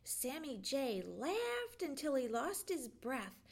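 High, lively storytelling librarian woman. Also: slow. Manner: gentle, expressive storytelling. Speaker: children's librarian. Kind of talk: storybook read-aloud.

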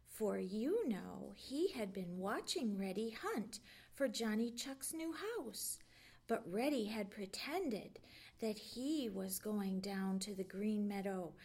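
Woman librarian reading bedtime tales, high lively voice, slow and expressive. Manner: slow, expressive storytelling with dips into a hush. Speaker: library storyteller. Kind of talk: children's bedtime story reading.

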